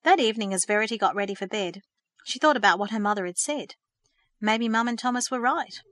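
A woman reading a story aloud in a measured, gentle storytelling manner. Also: medium pitch, dry recording, studio quality. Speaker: narrator. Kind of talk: scripted storybook narration.

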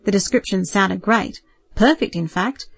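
A woman narrating a novel in a calm, measured storytelling voice, read close to the mic. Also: medium pitch, creaky, breathy edge, no room sound. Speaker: audiobook narrator. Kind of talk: scripted narration.

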